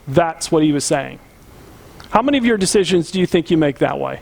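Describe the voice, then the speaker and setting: A man's voice: fairly high pitch, animated, fairly quick, gravelly, darkish tone. A man. He preaches with earnest emphasis and keeps turning to the congregation with direct questions. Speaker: pastor. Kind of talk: conversational sermon.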